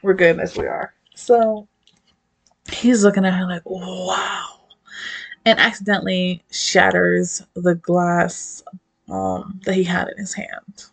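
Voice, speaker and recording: Chatty young woman with vocal fry. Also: fairly low pitch, expressive, a little slow. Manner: chatty, swears freely, laughs often, lots of "like". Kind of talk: casual story recap.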